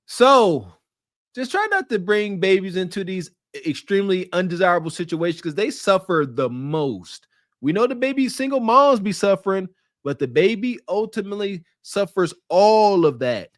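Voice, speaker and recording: Podcast co-host, man, high voice, mocking and preachy. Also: expressive, moderate pace, dry recording, clean studio sound. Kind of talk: casual commentary.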